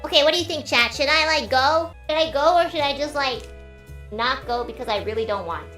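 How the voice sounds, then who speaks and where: A woman's voice: high-pitched, a little fast. A young woman streamer in casual chat, telling stories animatedly and swearing freely. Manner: animated storytelling, swears, acts out quotes. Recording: roomy echo, faint music.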